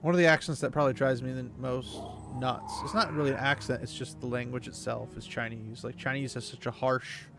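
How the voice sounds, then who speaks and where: A man's voice: medium pitch, fairly even intonation, fairly quick, gravelly, few pauses, music in the background. A man streaming a video game, chatting casually and rambling with plenty of fillers. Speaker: gaming streamer. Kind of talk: casual chat while playing a video game.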